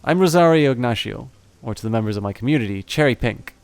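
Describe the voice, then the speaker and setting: A man voicing a small, fierce female orc who works as a nanny, speaking in a brisk, scolding way. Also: mid-range voice, expressive, gravelly, no room sound. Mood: proud.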